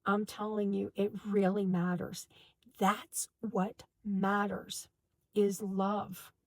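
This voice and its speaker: A woman telling a personal story to her viewers in an animated, emphatic way, with many restarts. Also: medium pitch, takes it slowly, no room sound. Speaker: spiritual vlogger. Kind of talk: casual storytelling to camera.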